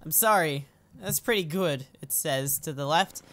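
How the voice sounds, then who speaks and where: Giggly, excitable young woman gamer. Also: low-pitched, normal speed, a little hiss or hum. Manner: excitable, giggly, yelps and shouts at the game. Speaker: let's play host. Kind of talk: game commentary.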